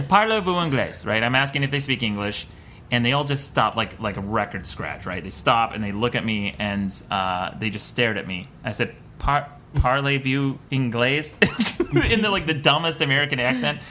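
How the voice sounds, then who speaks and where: A man's voice: mid-range voice, a little fast, slight background noise. A man and guest comedian telling a self-mocking comic story on a podcast. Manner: animated, self-mocking, laughs mid-story.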